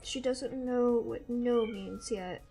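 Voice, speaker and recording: A woman's voice: a little high, slow, creaky, dark tone, slightly rough, soft background music. A woman hosting a casual art livestream, chatting along and firmly telling a kitten no. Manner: chatty, firmly scolding a kitten between remarks. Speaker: livestream host. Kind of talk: casual livestream chat while drawing.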